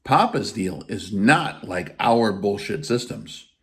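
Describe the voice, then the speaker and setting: A man's voice: on the low side, animated, takes it slowly. A man giving an informal spiritual teaching in a blunt, emphatic way, with casual swearing. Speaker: faith teacher.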